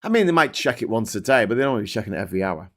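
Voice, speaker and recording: A man's voice: fairly low pitch, very animated, racing. A British man hosting a political commentary show, ranting casually and sarcastically. He swears freely, stumbles over and repeats words, and his voice climbs when he gets worked up.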